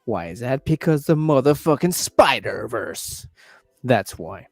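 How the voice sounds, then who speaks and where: A man's voice: mid-range voice, big pitch swings, measured pace, vocal fry, a little mellow, no room sound, studio quality. A man hosting a casual livestream, talking loosely and swearing freely as he reacts to trailers. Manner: loose, profane, chatty. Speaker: livestream host reviewing trailers.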